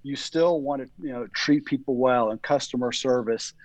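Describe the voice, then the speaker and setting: A man answering as an interview guest, explaining his work in a measured, earnest way. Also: mid-range voice, dry recording. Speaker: guest, sports marketing executive. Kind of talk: casual interview chat. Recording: dry, slightly dull sound.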